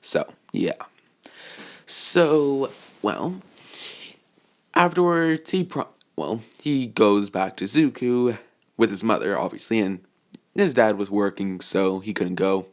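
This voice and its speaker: A man's voice: on the low side, lively intonation, slow pace, long pauses. A man casually telling a fan-fiction story, rambling and correcting himself with lots of fillers.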